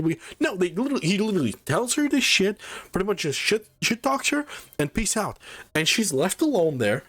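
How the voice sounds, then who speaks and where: A man's voice: high voice, wildly swooping pitch, fairly quick, a bit bright. A man giving a casual spoiler review of a movie, swearing often and sounding incredulous as he rambles.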